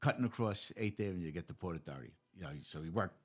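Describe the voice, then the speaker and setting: A man, a host and former police officer, telling chuckling anecdotes in a relaxed interview. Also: low-pitched, rapid-fire. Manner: relaxed storyteller, chuckles through his anecdotes. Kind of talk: casual interview chat.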